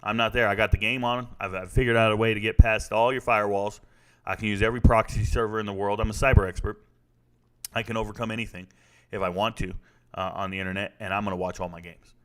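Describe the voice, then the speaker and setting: Chatty lower-voiced man. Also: steady tone, quick pace, fairly bright tone. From United States. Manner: chatty, blunt, talks to his chat. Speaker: live stream host reacting to fights. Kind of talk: casual live-stream commentary.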